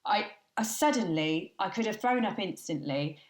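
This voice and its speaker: A woman guest on a podcast, telling lively anecdotes in a chatty way and laughing often. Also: medium pitch, moderate pace, reverberant. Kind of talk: chatty storytelling.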